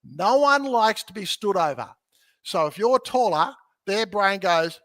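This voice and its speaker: A man talking as a podcast guest who teaches real estate, energetic and jokey, often checking in with "okay?" as he explains. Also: sits high, a little slow, no room sound. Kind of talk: animated teaching in conversation.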